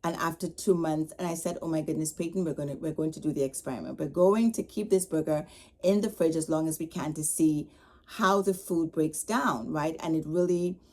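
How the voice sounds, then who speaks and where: A middle-aged woman telling a casual story as a podcast host, animated, acting out the dialogue she quotes. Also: deep voice, brisk. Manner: animated, retells her upset with quoted dialogue.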